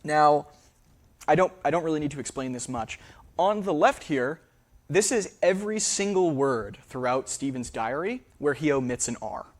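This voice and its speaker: A man's voice: on the high side, animated, moderate pace. A man giving a public lecture in a theater, hesitant and full of fillers, often checking in with the audience. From New England. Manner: hesitant, many fillers, frequent "right?" checks.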